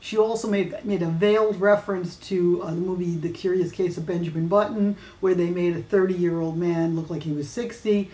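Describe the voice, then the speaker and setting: A woman's voice: lowish voice, fairly even intonation, normal speed, hardly any pauses, mellow. A woman hosting a weekly fan news videocast, talking casually and chattily with many fillers and restarts. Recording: roomy echo.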